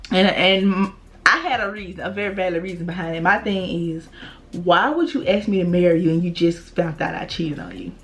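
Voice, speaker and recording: A woman's voice: fairly low pitch, brisk, a bit bright, faint music behind. A young woman vlogger, telling a blunt, profane story in casual storytime style.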